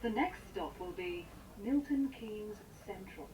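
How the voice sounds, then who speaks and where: A woman voicing a calm train announcer, crowd behind. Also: mid-range voice, close to an everyday voice, poor audio. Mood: formal. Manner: measured, formal.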